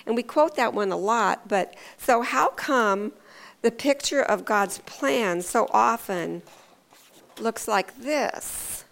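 A woman giving an informal devotional sermon, talking earnestly and conversationally, with hesitant restarts and lively storytelling. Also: a little high, takes it slowly, vocal fry. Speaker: devotional speaker.

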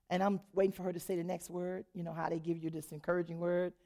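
Gravelly woman telling her testimony. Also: on the low side, brisk. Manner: animated, acts out dialogue, laughs often. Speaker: church member giving testimony. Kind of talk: personal testimony storytelling.

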